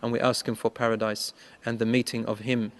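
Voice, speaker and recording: A man preaching a sermon, telling a story and acting out its dialogue with a rising voice, reciting prayers quickly. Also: medium pitch, little pitch movement, a little hiss or hum. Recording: long hall reverb.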